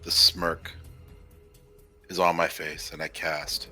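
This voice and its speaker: A man's voice: sits low, level tone, takes it slowly, pushed and bright, soft background music. A man playing a tabletop role-playing game, smug and playful in character. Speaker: player.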